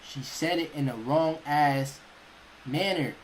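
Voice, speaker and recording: A young man with a slightly high voice tells a story on his stream, animated and full of slang, jumping into the voices of the people in it. A faint hum of room noise sits under his talk. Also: a little slow, rough recording. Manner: animated, profane, slangy, acts out quotes. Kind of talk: casual storytelling.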